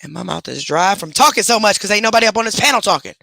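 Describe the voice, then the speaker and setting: A man's voice: sits high, animated, racing, vocal fry, sharp tone, dry recording. Chatty man rambling on a home live stream. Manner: rambling, chatty, talks to pets between stories. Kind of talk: casual live chat. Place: at home in a bedroom, lying in bed.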